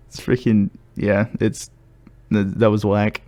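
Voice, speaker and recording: A man's voice: medium pitch, steady tone, normal speed, darkish tone, clear, resonant tone. Laughing, rambling young man. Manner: rambling, laughs often, stumbles and restarts. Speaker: podcast co-host. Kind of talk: casual chat.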